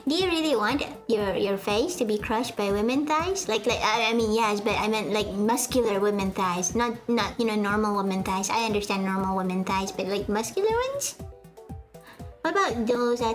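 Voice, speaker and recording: Young woman streamer, high-ish voice, casual rambling chat with self-mockery, faint background music. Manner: rambling, self-mocking, many fillers and restarts. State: sweaty.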